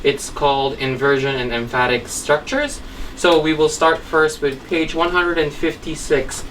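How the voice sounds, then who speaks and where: Female teacher, patient classroom delivery, low voice, recorded from a distance with faint noise. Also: unhurried, a bit bright. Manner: patient, checks in with frequent "right?" and "okay?". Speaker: English teacher. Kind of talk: classroom grammar lesson. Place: classroom with a whiteboard.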